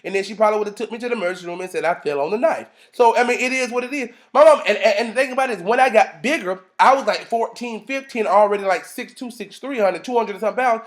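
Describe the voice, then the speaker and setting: A man in his thirties ranting casually as a vlogger, sassy and profane, acting out quotes in a high voice. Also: fast, few pauses. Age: 30s.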